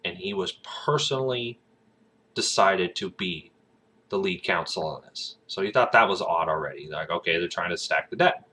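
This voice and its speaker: A man's voice: sits low, normal speed, pushed and bright. A man rambling casually and getting sidetracked as he talks about his acting plans, with lots of fillers. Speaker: aspiring actor vlogger.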